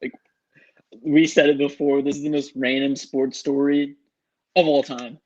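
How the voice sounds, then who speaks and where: A young man co-hosting a sports podcast, excitable and rambling, full of "like" and "um". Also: medium pitch, unhurried. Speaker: podcast co-host. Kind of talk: casual sports podcast chat. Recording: dull lo-fi mic.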